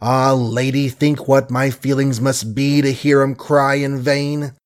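A man reading an audiobook and voicing a grimy male tramp who wheedles in rough working-class dialect before turning menacing. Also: mid-range voice, level tone, unhurried, lightly acted. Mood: wheedling. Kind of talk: audiobook character voice.

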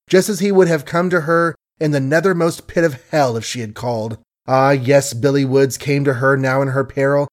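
A man reading a novel aloud in measured, wry narration, with asides to the listener. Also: mid-range voice, darkish tone. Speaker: audiobook narrator. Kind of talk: scripted literary narration.

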